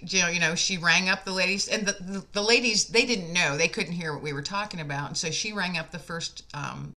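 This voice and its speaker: A woman's voice: lowish voice, pushed and bright. A woman hosting a casual conversation, telling an earnest, heartfelt story with frequent fillers.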